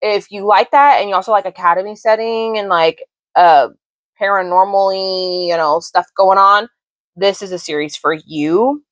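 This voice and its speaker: A woman's voice: mid-range voice, fairly even intonation, moderate pace, no room sound. A woman in her thirties, a book vlogger, chatting casually and effusively about what she read. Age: 30s. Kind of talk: casual book review chat.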